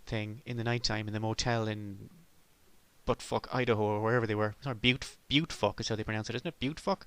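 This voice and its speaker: A man's voice: lowish voice, little pitch movement, a little fast, fairly bright tone, smooth, dry recording. A middle-aged man from Ireland delivering a sardonic, rambling comic monologue as a podcast host.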